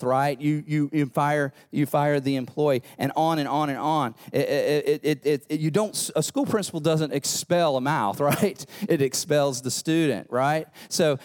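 A man preaching a sermon as pastor, animated, repeating himself and asking the congregation rhetorical questions. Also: a little high.

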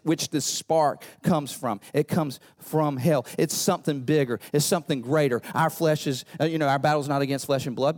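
A man preaching a sermon as pastor, animated, repeating himself and asking the congregation rhetorical questions. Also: fairly high pitch.

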